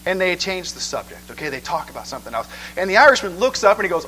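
Guy preaching a sermon, bright voice, pitch bouncing all over, keeps saying okay, faint hum behind. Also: fast talker, hardly any pauses, poor audio. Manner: animated, conversational, repeats "okay?" often. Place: church.

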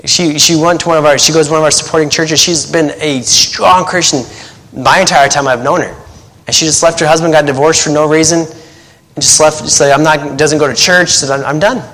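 A man's voice: a little high, fairly even intonation, fairly quick, fairly bright tone, long reverb tail, rough recording. A man in his thirties preaching a casual sermon as a missionary pastor, conversational and joking, acting out quotes. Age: 30s.

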